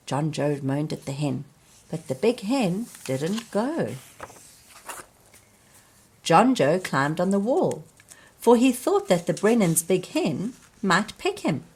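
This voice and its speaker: A woman reading a children's storybook aloud, slowly and expressively, speaking to young listeners. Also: fairly low pitch, husky. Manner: slow, expressive, addressing children. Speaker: storybook reader.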